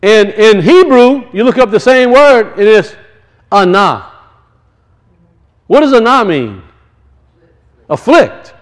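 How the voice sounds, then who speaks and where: A man's voice: high-pitched, sing-song, takes it slowly, long pauses. A man teaching scripture in a conversational sermon style, rising into emphatic preaching. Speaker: Bible teacher.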